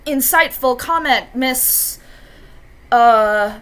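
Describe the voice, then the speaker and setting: Lady doing a polite old grandparent type, slow and sorry-sounding, kinda bright tone. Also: sits high, heavily acted. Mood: courteous. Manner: slow, apologetic and courteous. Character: polite elderly grandparent figure leaning on a cane.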